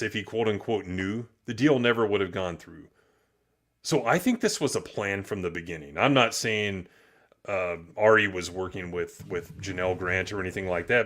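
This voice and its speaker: A man's voice: lowish voice, fairly bright tone. A man hosting a loose, opinionated live-stream chat, swearing casually. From United States. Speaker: podcast host.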